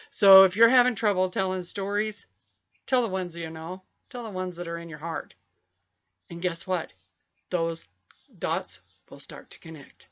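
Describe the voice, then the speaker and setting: A woman telling a story on a vlog in an animated, playful way, stretching out repeated phrases, recorded on a webcam. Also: lowish voice, lo-fi sound. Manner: animated, playful, drawn-out repetitions. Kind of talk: casual spoken storytelling.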